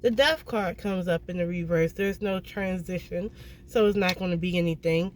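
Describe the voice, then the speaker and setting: A tarot reader giving a casual reading to viewers, blunt and emphatic, swearing freely and often checking in with a quick "okay?". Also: medium pitch, slight background noise.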